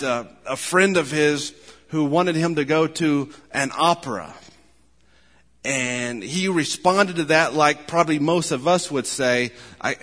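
A man preaching a sermon as pastor, rising to fervent, emphatic peaks and dropping back to a quiet, close tone. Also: a little high, big-room sound. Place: church.

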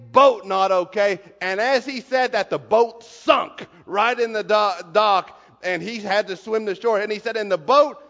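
Male preacher, high voice, emphatic sermon style, long reverb in a dull recording. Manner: emphatic, swings from hushed to shouting.

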